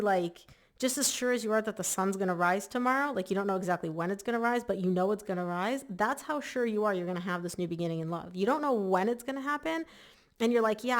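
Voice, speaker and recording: A woman giving a casual, chatty tarot reading to camera, emphatic and full of "like" fillers. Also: mid-range voice. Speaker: tarot reader.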